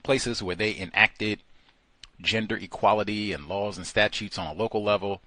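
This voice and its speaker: Animated man mocking in commentary. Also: fairly low pitch, normal speed, no room sound. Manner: lively, mocking, acts out voices in his own telling. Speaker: co-host of a call-in talk show.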